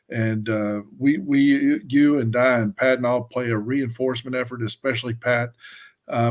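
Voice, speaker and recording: A man from Wyoming giving an earnest, emphatic policy update on a live webcast, often restarting his sentences. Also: medium pitch. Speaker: government affairs staffer.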